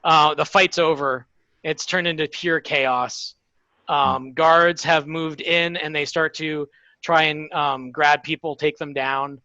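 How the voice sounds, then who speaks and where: A man narrating a tabletop game as game master, halting and full of fillers. His voice is bright and tense, a bit higher than most. The recording is dry and slightly dull. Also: steady tone, no echo.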